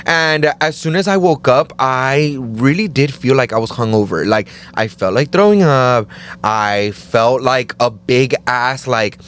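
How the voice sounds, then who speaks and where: A man in casual conversation, telling a story in an animated way, full of "like" and acted-out quotes. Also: unhurried, clear, resonant tone. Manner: animated, acts out quotes in higher voices, says "like" often.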